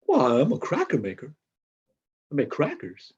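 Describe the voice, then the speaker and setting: A man's voice: fairly high pitch, huge pitch swings, normal speed, darkish tone, husky, full character voice. A man playing a flustered older cracker factory worker in improv comedy over a video call, rambling and stammering with bursts of indignation. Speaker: improv performer. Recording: dull lo-fi video call audio.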